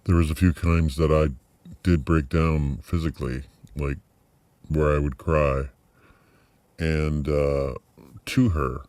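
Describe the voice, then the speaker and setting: A middle-aged man with an extremely low, deep voice muses aloud in a personal video diary. He pauses often, circles back and restarts his sentences. The sound is dry and close, with almost no room echo. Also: steady tone, darkish tone. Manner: reflective, halting with many fillers and restarts. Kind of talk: personal vlog monologue.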